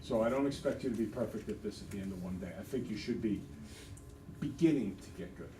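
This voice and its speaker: A man's voice: fairly low pitch, mellow. Upbeat male math teacher, echoey classroom. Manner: upbeat, quizzing students with quick questions. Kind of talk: classroom lesson. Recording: echoey classroom, distant mic, background noise.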